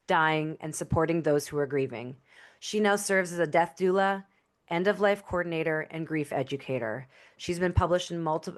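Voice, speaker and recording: A woman with a Canadian accent hosts a podcast interview in a friendly, chatty way. Her voice sits slightly low, and she steers the talk with easy questions. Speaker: podcast host. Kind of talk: casual interview hosting.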